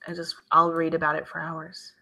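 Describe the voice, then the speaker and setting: A woman hosts a casual live stream with a bright, forceful tone that sits a little low in pitch. She reads her viewers' comments aloud and answers them in a loose, chatty way. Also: monotone, moderate pace, creaky. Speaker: livestream host reading viewer chat.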